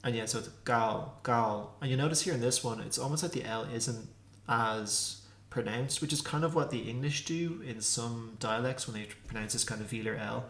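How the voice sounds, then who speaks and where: A man teaching a casual pronunciation lesson, repeating consonant sounds slowly to demonstrate them. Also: mid-range voice, fairly bright tone. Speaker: language teacher. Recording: echoey room.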